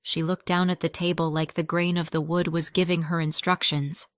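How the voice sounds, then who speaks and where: A woman narrating a scripted first-person family story in a measured, soft-spoken way. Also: fairly low pitch, little pitch movement, dry recording, clean studio sound.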